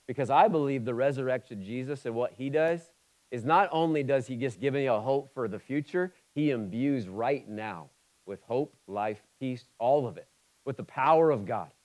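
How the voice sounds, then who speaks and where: A pastor around forty, raised in Ohio, preaching with a voice of middling pitch. He swings between loud urgent emphasis and quiet, close asides. Between scripture passages his tone turns loose, chatty and humorous. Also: moderate pace, poor audio. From Ohio, USA. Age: 40s. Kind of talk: sermon.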